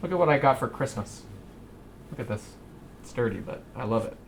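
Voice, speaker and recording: At home, a young man vlogs while doing laundry and hanging out in his bedroom, rambling in a self-deprecating way and swearing casually. His medium-pitched voice is expressive and brisk.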